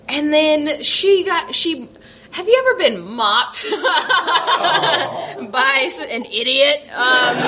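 A woman telling a comic personal story on stage, animated and laughing through her lines as she acts out what people said. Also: high-pitched, extremely slow. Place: coffee shop stage. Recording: noisy live room with crowd laughter.

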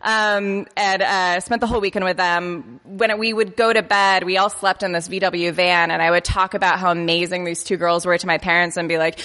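A woman in her late twenties telling a funny personal story to a live audience, halting and self-deprecating, often stumbling over her words and laughing at herself. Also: fairly low pitch, fairly even intonation, pushed and bright, in a large hall. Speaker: live storyteller on a comedy podcast. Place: comedy festival venue.

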